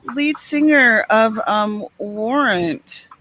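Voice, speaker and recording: A woman's voice: a little high, expressive, slow, a bit bright, rough recording. A woman hosting a casual chat, reading viewer comments and laughing often. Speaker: host.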